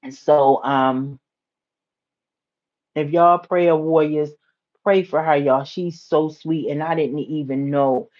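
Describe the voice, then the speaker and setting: A woman from the United States chats on a casual livestream, telling a story in a rambling way and repeating her phrases. Her voice sits a little low, and her pitch climbs when she gets excited. The sound is muffled, like lo-fi livestream audio. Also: slow pace, pauses often. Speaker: livestream host.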